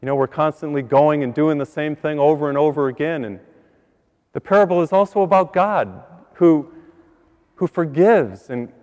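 A priest giving an earnest sermon, repeating words and building to higher emphasis on key points. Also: male voice, normal speed, darkish tone, big-room sound. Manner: earnest, repeats words, rises in pitch when stressing a point.

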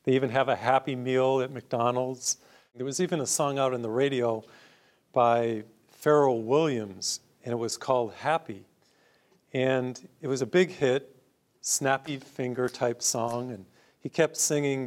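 A middle-aged priest preaches in a relaxed, conversational way, leaning into an earnest personal story. He repeats key phrases to drive his point home, in a voice of ordinary, middle pitch for a man. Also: normal speed.

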